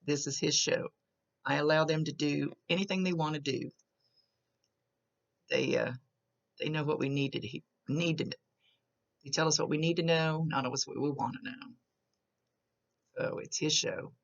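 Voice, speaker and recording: With a low-pitched, gravelly voice at normal speed and long pauses, a woman medium chats through a client's reading. She describes what she sees as it comes and keeps restarting her sentences. The highs in the recording are cut off.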